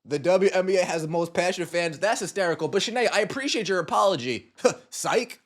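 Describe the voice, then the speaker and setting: High-voiced man ranting sarcastically. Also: lively intonation, brisk, noisy background. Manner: sarcastic and scornful, mocking quotes in put-on voices. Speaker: podcast host. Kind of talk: ranting sports commentary.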